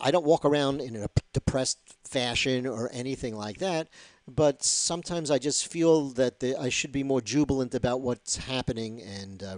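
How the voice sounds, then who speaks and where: A man's voice: medium pitch, a little mellow, no echo. A man hosting an interview, rambling and self-deprecating, often restarting his sentences. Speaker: host. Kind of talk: casual interview chat.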